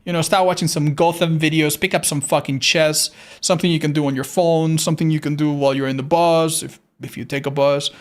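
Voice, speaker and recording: A man's voice: a little high, steady tone, brisk. A man chatting casually on a livestream, reading chat, swearing freely and laughing often; English is not his first language. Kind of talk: casual live-stream chat.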